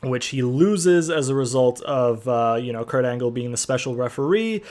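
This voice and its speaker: A man's voice: medium pitch, lively intonation, moderate pace, a little mellow. A young man casually recapping a wrestling game session, rambling with lots of fillers and the odd swear word. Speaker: gaming video host.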